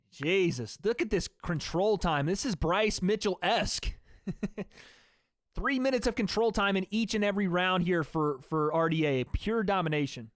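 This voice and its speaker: A young man calls a fight live for his stream chat in a slangy, unfiltered way. His voice sits a little high and comes through smooth and resonant, recorded dry and close. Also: no echo. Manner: loose and slangy, swears, talks back to chat. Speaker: streamer hosting a fight watch party.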